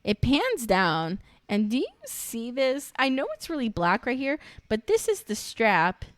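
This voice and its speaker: A woman's voice: sits high, big pitch swings, normal speed, no echo. Young female reaction vlogger, chatty and snarky, recorded dry. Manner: chatty, sarcastic, swears freely, laughs often. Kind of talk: casual recap chat.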